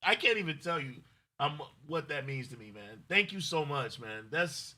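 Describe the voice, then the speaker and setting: A middle-aged man co-hosting a livestream in loose, rambling chat. His voice is very bright and forward. He gushes openly when he thanks viewers. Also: fairly high pitch, lively intonation, normal speed. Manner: effusive, rambling, emotional thanks. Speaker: livestream co-host.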